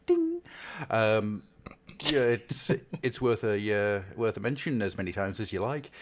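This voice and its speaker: A man's voice: fairly low pitch, measured pace, slight background noise. A man hosting a podcast in casual chat, joking, laughing often and rambling through restarts. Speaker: podcast host.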